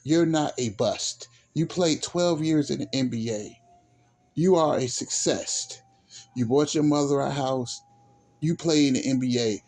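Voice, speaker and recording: Male vlogger, mellow low timbre, blunt profane rant delivered to camera. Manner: blunt, profane and repetitive, lecturing. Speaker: YouTuber.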